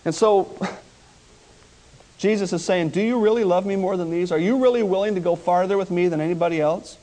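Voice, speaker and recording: Preacher, male, high-pitched, dramatic sermon delivery that swings from loud to hushed. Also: normal speed. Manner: animated storytelling, voicing the people of the story with swings from loud to hushed.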